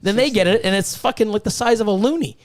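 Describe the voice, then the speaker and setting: A man's voice: high-pitched, fast. A man hosting a podcast, ranting heatedly with lots of swearing and stumbling restarts. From Canada. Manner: heated, profane, full of restarts. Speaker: podcast host and snake breeder. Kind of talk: casual podcast rant.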